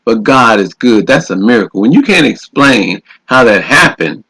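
Gravelly man preaching with fervor. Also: medium pitch, lively intonation, moderate pace, a bit bright, rough recording. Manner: exhorting, repeats phrases, calls out "glory to God". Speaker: radio host and minister. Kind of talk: preaching with a personal story.

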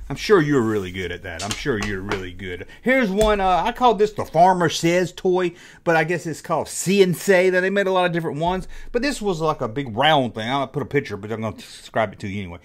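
A middle-aged man hosting a casual nostalgic vlog, jokey and animated, often acting out his own childhood reactions. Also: fairly high pitch, fairly quick, hardly any pauses. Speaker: host.

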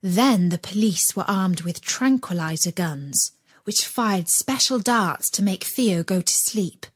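A woman reads a children's storybook aloud, expressive and lively in her storytelling. Her voice sits at a medium pitch with a slightly husky edge. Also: takes it slowly, no echo. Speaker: narrator. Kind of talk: children's audiobook narration.

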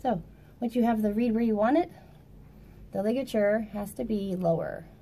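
Gravelly, mellow woman teaching clarinet. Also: medium pitch, sing-song, normal speed, a little hiss or hum. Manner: chatty, self-correcting, laughs at herself. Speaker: music teacher. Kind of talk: casual instrument tutorial. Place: indoors at a table.

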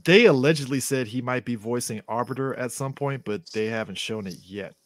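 A man co-hosting a casual movie podcast, relaxed, repeating himself and laughing often. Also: mid-range voice, a little fast, no room sound, clean studio sound. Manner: laid-back, laughs often, repeats words. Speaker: podcast co-host.

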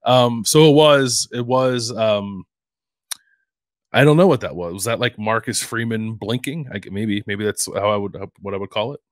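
A man co-hosting a sports podcast, speaking in a measured way with frequent ums. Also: lowish voice, no echo, studio quality. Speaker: podcast co-host. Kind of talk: casual sports talk podcast.

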